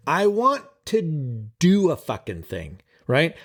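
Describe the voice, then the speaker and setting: Guy productivity coach vlogging to camera, swears a lot, super animated and kinda high-pitched, talks right at you. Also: slow pace. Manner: animated, profane, talks straight to viewers. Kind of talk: casual vlog monologue.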